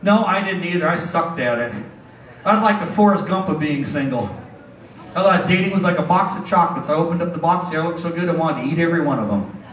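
A middle-aged stage hypnotist with a high voice works a casino crowd, teasing people and chuckling at his own jokes. His voice is picked up from across an echoing showroom. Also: lively intonation, quick pace, fairly bright tone. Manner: wisecracking, teasing the audience, chuckles often. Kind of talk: comedic stage banter with a live crowd. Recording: echoey hall from a distance.

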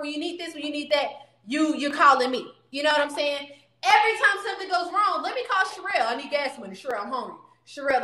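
Bright, animated woman telling a story. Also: high voice. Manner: blunt, animated, talks back to people off camera. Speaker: storyteller vlogger. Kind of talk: casual storytime. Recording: echoey room.

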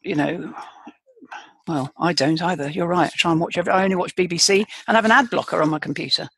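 A woman's voice: on the low side, quick pace, creaky, a bit bright, husky, dry recording. A woman in her sixties co-hosting a podcast, teasing her partner with dry humour in casual chat. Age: 60s. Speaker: podcast co-host.

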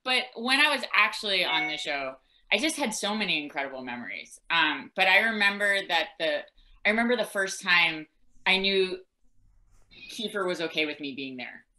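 A woman's voice: on the low side, animated, normal speed, bright, forceful tone, rough recording. A woman actor on a convention panel, telling a story with laughter and energy. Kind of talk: casual anecdote.

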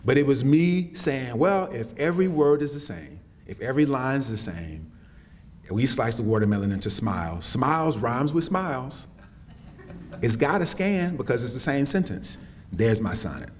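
A middle-aged man lectures on campus. He tells stories in an animated way and slips into quoted voices and folksy asides. Faint hiss sits under his voice. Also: medium pitch, normal speed. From South Carolina, US Southern. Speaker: poet lecturing. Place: lecture hall.

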